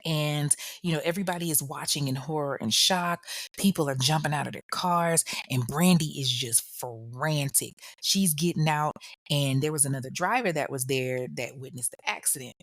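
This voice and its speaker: A woman's voice: sits low, moderate pace, no room sound, clean studio sound. A woman hosting a podcast, telling a true crime story in a chatty, slangy way and talking straight to the listener. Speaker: podcast host.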